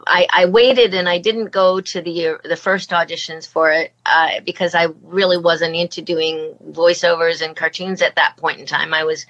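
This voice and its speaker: A woman's voice: fairly low pitch, fairly even intonation, moderate pace, few pauses, fairly bright tone. A middle-aged woman from Canada, a voice actor and former politician, talking earnestly and reflectively as an interview guest, with frequent restarts. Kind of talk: casual interview talk. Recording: slightly dull lo-fi sound.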